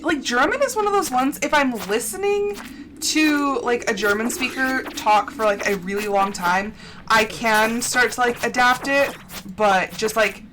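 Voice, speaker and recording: A woman's voice: a little high, background noise. An American woman streaming a video game, chatting casually and giggly, with lots of "like". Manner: chatty and giggly, heavy use of "like". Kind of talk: casual livestream chat.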